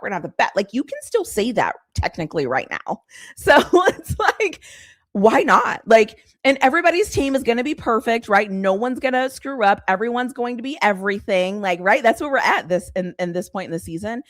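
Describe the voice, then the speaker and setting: A young woman hosting a casual live stream, rambling excitedly and repeating herself. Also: fairly high pitch, fairly quick, no echo, clean studio sound.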